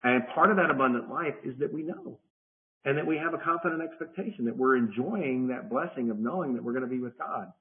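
A man's voice: mid-range voice, quick pace, slight background noise. Man teaching a Bible study over phone-like audio. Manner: conversational, repeats and restarts phrases. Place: church study group, partly remote.

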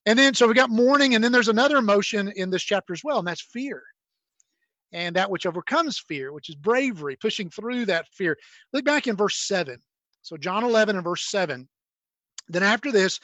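Male pastor, high-pitched, relaxed conversational preaching with frequent restarts, close dry mic. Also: brisk, dry recording. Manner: conversational, many repeated "and"s and restarts. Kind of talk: sermon with scripture reading.

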